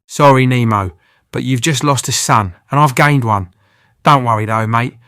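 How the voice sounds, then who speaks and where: A man's voice: medium pitch, moderate pace, a bit bright, clean tone, no room sound, studio quality, soft background music. Cheeky man narrating. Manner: cheeky banter with British slang. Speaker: channel host. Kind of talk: scripted comic voice-over narration.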